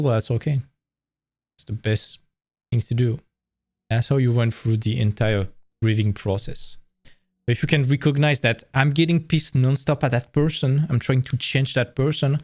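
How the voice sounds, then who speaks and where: Guy presenting career stuff on a stream, blunt, swears a lot, normal pitch, dry sound, acts out quotes. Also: dry recording. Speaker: presenter giving career advice to art graduates. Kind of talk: casual livestream presentation.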